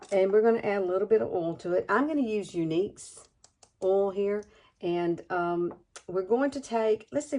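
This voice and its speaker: A woman's voice: mid-range voice, gravelly, dark tone. A woman in her sixties chatting through a makeup tutorial at home, gushing and enthusiastic as she talks viewers through each step. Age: 60s. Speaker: beauty vlogger.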